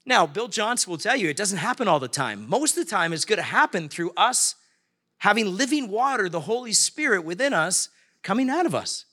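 A man in middle age delivers a sermon in a chatty, storytelling manner, acting out what people said. His voice sits a little high and sounds bright and forward. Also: very animated, fairly quick. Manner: conversational preaching, acts out quoted voices. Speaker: pastor.

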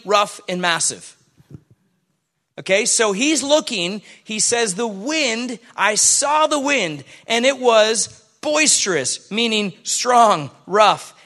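A man preaching to his church, reading scripture aloud and acting out the people in the story with lively commentary. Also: high-pitched. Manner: animated, acts out the people in the Bible story. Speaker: pastor.

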